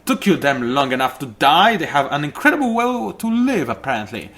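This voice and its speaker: A man's voice: on the high side, big pitch swings, brisk, fairly bright tone. A man hosting a let's play, giving chatty, rambling gameplay commentary and often correcting himself.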